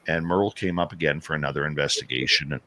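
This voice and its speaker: A man, a paranormal radio host, telling an animated story as an interview guest and acting out the dialogue. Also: very deep voice, fast. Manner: animated storyteller who acts out quoted dialogue.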